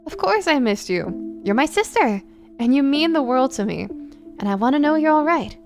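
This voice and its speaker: A cheerful, affectionate older brother in a story game, reassuring his little sister, with a woman voicing him. His voice sits on the high side. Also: sing-song, moderate pace, music in the background. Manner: warm, laughing, reassuring. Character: cheerful young adult brother, student.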